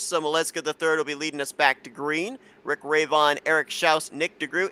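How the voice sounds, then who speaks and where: Play-by-play guy calling laps and cautions, high bright voice, brisk. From New York. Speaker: play-by-play commentator. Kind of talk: play-by-play commentary and read ads.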